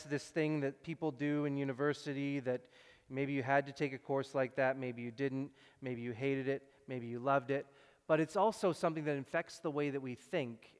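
A man preaching a sermon in a relaxed, conversational way, acting out quotes and adding wry asides. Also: on the high side. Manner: conversational, acts out quotes, self-deprecating asides. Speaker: pastor. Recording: long reverb in a large hall.

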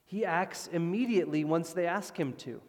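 A man preaching a sermon, animated, moving between loud emphasis and hushed, calm passages. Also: on the high side, moderate pace. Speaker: pastor. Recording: long hall reverb.

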